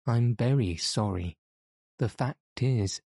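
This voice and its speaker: A man's voice: mid-range voice, slow pace, vocal fry, darkish tone, no echo, studio quality. A man voicing a nervous young clerk who talks hesitantly and apologetically. It is a character voice in an audiobook reading. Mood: flustered.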